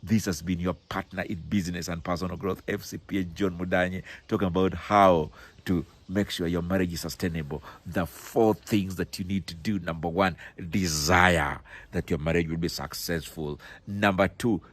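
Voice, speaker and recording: A man's voice: low voice, steady tone, moderate pace. A middle-aged man giving motivational marriage advice, emphatic and repeating his key words. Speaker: business and personal growth speaker.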